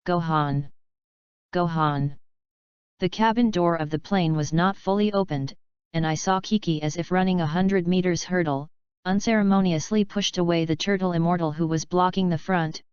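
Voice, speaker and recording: A woman narrating a fan fiction audiobook with steady, even reading. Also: fairly low pitch, smooth, no room sound, highs cut off. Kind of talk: scripted narration.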